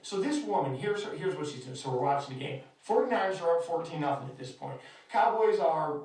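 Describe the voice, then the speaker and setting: A man's voice: fairly high pitch, lively intonation, brisk, darkish tone. A man hosting a podcast, telling a story in a casual, heavily profane, exasperated way. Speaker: podcast host. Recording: echoey room, distant mic.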